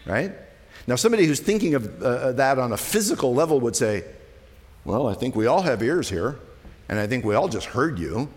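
A man preaching as a pastor, talking conversationally, moving between quiet, slow passages and emphatic ones. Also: medium pitch, big pitch swings, long reverb tail. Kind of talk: sermon.

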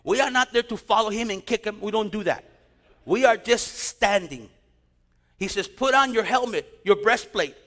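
A man preaching a sermon as pastor, telling stories and quoting scripture in an animated way. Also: sits high. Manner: animated preaching with storytelling asides. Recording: long hall reverb.

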